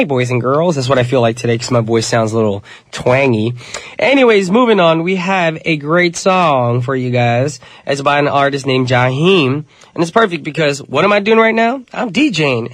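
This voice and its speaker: A man's voice: medium pitch, dry recording. Nasal, sick-sounding male radio DJ. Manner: upbeat, chatty, addresses listeners as you guys. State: nasal from a cold. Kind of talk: casual radio DJ patter. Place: radio studio.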